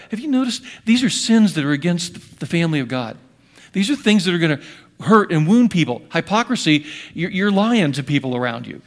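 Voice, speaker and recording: A man in his sixties preaching a sermon in an earnest voice, rising to loud emphasis and dropping to hushed asides. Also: high-pitched. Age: 60s. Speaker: pastor.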